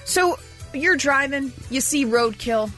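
A woman co-hosting a radio morning show, telling odd news stories in animated, laughing banter. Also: high voice, slow, faint music behind. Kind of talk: casual comic radio banter. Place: radio studio. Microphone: studio microphone.

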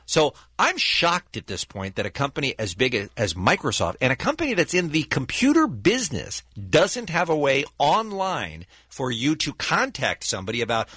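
Animated man, exasperated radio host. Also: mid-range voice, moderate pace, few pauses, breathy edge, dry recording. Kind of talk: casual radio chat.

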